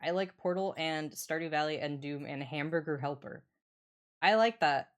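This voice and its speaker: A woman's voice: low voice, moderate pace. A young woman streamer chatting casually with her viewers, joking and swearing. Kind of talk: casual livestream chat.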